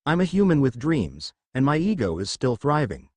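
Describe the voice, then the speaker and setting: A man's voice: medium pitch, very animated, normal speed, no echo. A man voicing a stubborn, earnest young male hero. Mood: determined.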